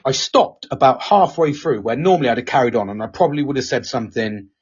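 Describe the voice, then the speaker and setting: A man's voice: mid-range voice, lively intonation, fast talker, breathy edge. A man hosting a live talk show, speaking candidly with lots of swearing and rambling restarts. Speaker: podcast host. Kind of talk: casual chat. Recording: dull lo-fi sound.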